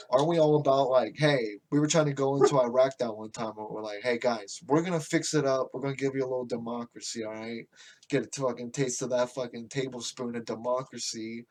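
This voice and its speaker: A man from the United States hosting a podcast, ranting casually with lots of swearing, restarts and rambling asides. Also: mid-range voice. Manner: profane, rambling, with frequent restarts. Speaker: podcast host. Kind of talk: casual political rant.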